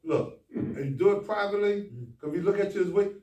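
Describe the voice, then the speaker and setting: A man, a doctor, giving a folksy, animated talk at a men's conference, speaking straight to the audience. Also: high voice, a little fast, lo-fi sound. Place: conference room. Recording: echoey hall, far from the mic, faint noise.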